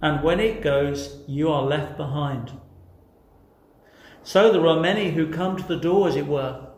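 A man's voice: on the high side, measured pace. A man preaching a sermon, earnest and emphatic, putting rhetorical questions to his listeners. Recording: echoey room.

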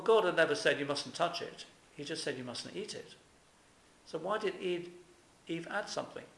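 A man's voice: fairly high pitch, gravelly, fairly bright tone, slight background noise. Earnest male preacher in an echoey room. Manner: earnest, questioning, emphatic with rhetorical questions. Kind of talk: sermon.

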